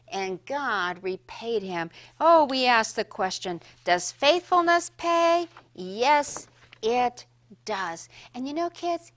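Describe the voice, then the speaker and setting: Woman storyteller for children, high voice, unhurried delivery, dramatic hushes and exclamations, talks right to the kids. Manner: animated, swings from whispers to loud exclaims; addresses kids directly.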